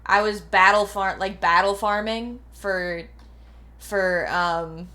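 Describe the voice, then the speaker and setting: A woman's voice: medium pitch, steady tone, takes it slowly, pushed and bright. A woman in her twenties chatting casually on a livestream, rambling and playful, swearing now and then. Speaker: streamer.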